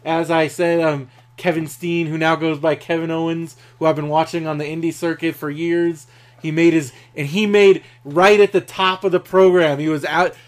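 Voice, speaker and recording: A man co-hosting a casual podcast chat, excitable and given to loud, shouted bursts. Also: on the high side, normal speed. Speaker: podcast co-host.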